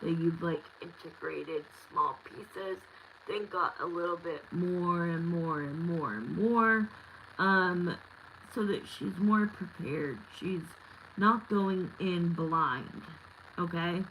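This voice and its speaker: Woman, 30s, tarot reader, blunt and chatty, slow unhurried delivery, lowish voice, faint ambience behind. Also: a bit bright, a little hiss or hum, low-quality recording. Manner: candid, chatty, blunt, lots of "like" fillers. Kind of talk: live-stream tarot reading.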